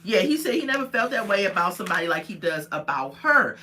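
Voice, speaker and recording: A woman recaps a reality show for her live-stream viewers in a loose, chatty way. Her voice is bright and clear. She laughs often as she retells the scenes. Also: mid-range voice, big pitch swings, quick pace, a little hiss or hum. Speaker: show reviewer.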